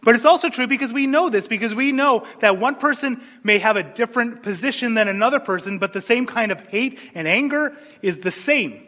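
A man preaching a sermon, animated and storytelling, dropping suddenly into quiet asides. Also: very high voice, fairly quick, few pauses. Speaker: pastor. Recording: long hall reverb.

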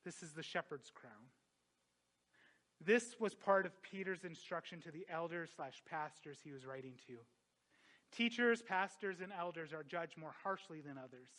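Impassioned high-voiced male pastor. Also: lively intonation, normal speed. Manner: impassioned, swings between loud emphatic peaks and quiet reflective drops. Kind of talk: sermon.

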